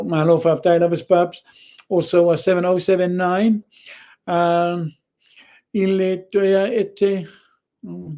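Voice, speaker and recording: This show host, a man with a Samoan accent, delivers casual commentary that is blunt and opinionated, switching between Samoan and English. His voice sits a little high and sounds gravelly yet mellow.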